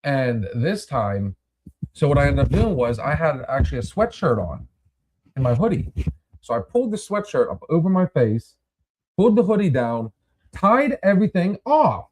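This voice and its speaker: A man's voice: on the high side, big pitch swings, normal speed. A man hosting a podcast, telling a story in casual chat with rambling restarts and free swearing. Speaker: podcast host.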